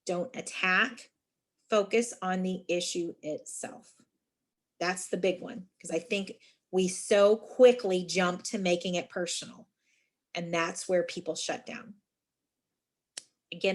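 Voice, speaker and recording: A middle-aged woman, a university staff director, giving a friendly leadership workshop talk and calling her listeners friends, with lively asides as she tells stories. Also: on the low side. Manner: lively storytelling with emphatic asides. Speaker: university student involvement director.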